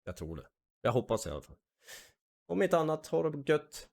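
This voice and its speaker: A man's voice: fairly high pitch, big pitch swings, fairly quick, vocal fry, darkish tone. A man from Sweden chatting casually as he reacts to videos, with short gasps and asides.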